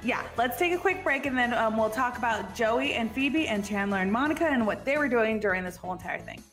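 A woman's voice: a little high, animated, brisk, over music. A woman co-hosting a podcast, chatting casually, laughing often and acting out the characters' lines. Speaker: podcast co-host. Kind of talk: casual recap chat.

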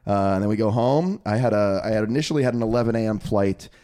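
A man's voice: on the low side, fast, dark tone. A young man co-hosting a podcast, chatting casually and laughing often at himself as he tells stories. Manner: laughs often, self-deprecating storyteller. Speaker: podcast co-host. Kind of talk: casual chat.

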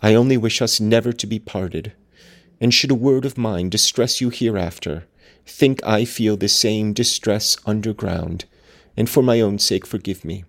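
A man's voice: on the low side, normal speed, close to an everyday voice. A man reading the lines of a dying, feverish young woman from a classic novel, in a plain reading-aloud delivery. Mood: pleading.

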